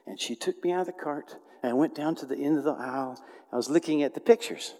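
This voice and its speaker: A man preaching a storytelling sermon, swinging between loud outbursts and hushed tones. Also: on the high side, quick pace, long reverb tail.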